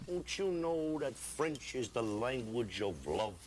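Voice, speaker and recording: Luigi, a smug younger plumber. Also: male voice, mid-range voice, sing-song, takes it slowly. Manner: show-offy, teasing. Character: lanky younger male plumber, putting on French airs. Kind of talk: 1980s live-action sitcom acting.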